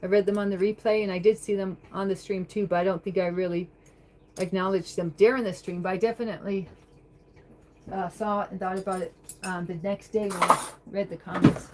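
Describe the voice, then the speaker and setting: A woman's voice: mid-range voice, fairly even intonation, fairly quick, rough recording. A woman chatting on a livestream from her home, reading viewer comments aloud and answering them in a rambling way. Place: home, at the kitchen sink.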